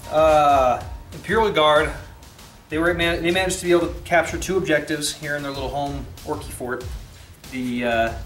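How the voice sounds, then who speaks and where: Man, wargame player, hesitant friendly talk, echoey room, music playing clearly. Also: fairly high pitch, steady tone, moderate pace, a bit bright. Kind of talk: casual post-game chat.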